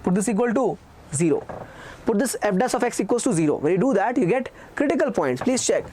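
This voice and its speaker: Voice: medium pitch, lively intonation, a little fast, dark tone, breathy edge. A teacher giving a recorded math lecture, repeating key phrases and asking questions that they answer themselves. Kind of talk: recorded exam-prep lecture.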